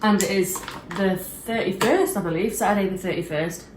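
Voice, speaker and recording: A woman's voice: medium pitch, normal speed, noisy background. A young woman in her twenties with a just-out-of-bed morning voice, chatting casually and rambling as she makes breakfast in her kitchen. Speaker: fitness vlogger. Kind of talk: casual chat. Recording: echoey room with kitchen clatter.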